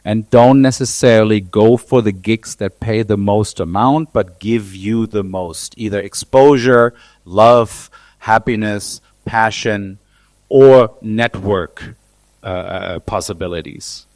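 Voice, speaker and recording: A man's voice: on the low side, slow pace, a little mellow, no room sound. A man who is a DJ and producer, giving blunt, opinionated views on a live panel and swearing casually. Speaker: DJ and producer, guest.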